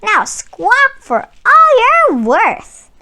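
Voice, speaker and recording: A woman voicing a clever, bossy female hen who plans everything, in a high, excited storybook voice. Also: extremely slow, full character voice.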